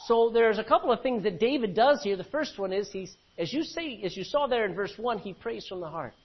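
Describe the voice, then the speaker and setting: A husky, high-pitched man preaches a sermon. He reads verses aloud and explains them, putting questions to the congregation. The recording sounds muffled and lo-fi. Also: animated, fairly quick, few pauses. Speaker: pastor. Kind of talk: expository sermon reading scripture.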